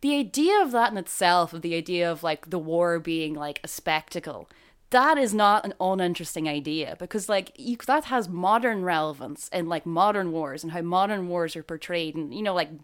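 A woman with an Irish accent talking casually as a podcast co-host, animated and chatty with lots of fillers and frequent laughs. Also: lowish voice, normal speed, smooth. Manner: laughs often while talking. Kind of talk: casual chat.

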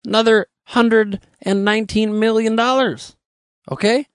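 A man, a comedian, riffing through news stories with wry jokes and sudden excited jumps in pitch. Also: unhurried, dry recording, clean studio sound. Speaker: comedian hosting a news roundup.

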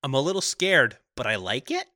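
A man's voice: medium pitch, big pitch swings, pushed and bright, no room sound, clean studio sound. A man co-hosting a podcast, chatting casually with wry remarks. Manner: wry, quick to laugh. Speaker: podcast co-host. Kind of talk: casual chat.

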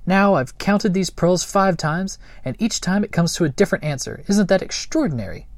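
A shrill, scatterbrained female silk monkey from a storybook, squealing high and bursting with excitement, as a male narrator puts her on. She chatters in a loud, jumpy voice and loses her train of thought. Recorded dry and close, with no room sound. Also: moderate pace, no room sound. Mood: self-important.

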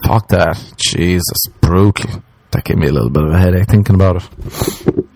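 A man's voice: deep voice, normal speed, gravelly, background noise. A young man riffing in a crude, rambling, self-mocking comic monologue, jumping into mock voices for the people he quotes. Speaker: comedian. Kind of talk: stand-up style comic monologue.

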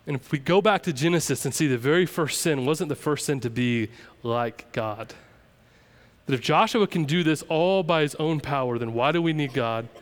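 Emphatic preacher man, smooth voice. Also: mid-range voice. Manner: emphatic, preaching with rising intensity. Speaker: pastor. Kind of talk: sermon.

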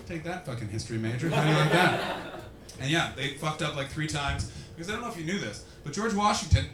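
A man from Canada doing crowd-work stand-up comedy, animated and swearing freely as he acts out voices. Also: fairly high pitch, fast, heavy background noise. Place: comedy venue with a live audience. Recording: echoey room with faint ambience.

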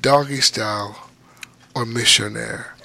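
A man co-hosting a podcast, trading raunchy casual banter and loudly mimicking voices for laughs. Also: fairly low pitch, fairly even intonation, takes it slowly, gravelly, dry recording. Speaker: podcast co-host.

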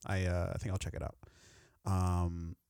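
Male podcast co-host, lowish voice, loose rambling delivery, dry close sound. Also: little pitch movement, moderate pace, creaky, a little mellow, clear, resonant tone, no room sound. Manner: rambling, laughs often, many fillers. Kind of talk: casual chat.

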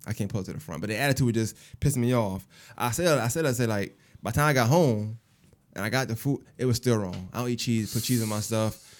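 A man in his thirties telling stories in a casual chat, animated and laughing, acting out what people said. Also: medium pitch, fast. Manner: animated, laughing, cursing, acts out quotes. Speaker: podcast co-host.

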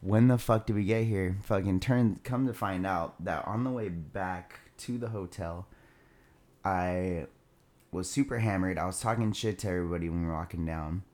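A man's voice: low voice, moderate pace, darkish tone. A young man casually telling a rowdy party story, loose and profane, laughing as he goes.

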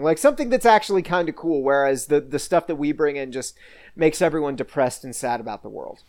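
A man's voice: a little high, animated, normal speed, a little mellow, dry recording. A young man co-hosting a podcast, talking casually with lots of restarts and frequent laughter. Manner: rambling, laughs a lot, many restarts. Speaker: podcast co-host. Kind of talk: casual chat.

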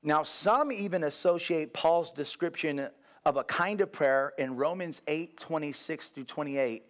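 A young adult male pastor gives a conversational sermon built around a personal story, with lively asides to his congregation and frequent restarts. His voice is on the high side, and he keeps a measured pace.

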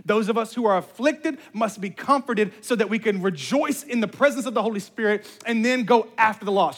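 High-voiced animated male preacher. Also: brisk, hardly any pauses. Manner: animated storytelling, acts out voices, rising to shouts. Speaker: pastor. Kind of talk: sermon.

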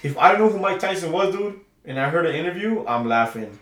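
A man's voice: on the high side, expressive, fast talker, a bit bright. A man co-hosting a podcast in casual chat, laid-back and swearing a lot, saying dude often. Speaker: podcast co-host. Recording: echoey room.

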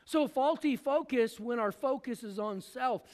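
A man delivers a sermon from the pulpit, his voice unusually high for a man. He acts out the people in the story as he preaches. A long church reverb trails behind every phrase. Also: a little slow. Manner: preaching with acted-out voices of biblical figures. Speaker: pastor.

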